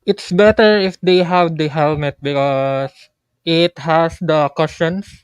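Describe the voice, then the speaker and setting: A man on a gaming show panel who speaks slowly through a costume mask on a video call. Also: a little high, smooth, no room sound. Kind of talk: casual livestream chat. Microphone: video call mic.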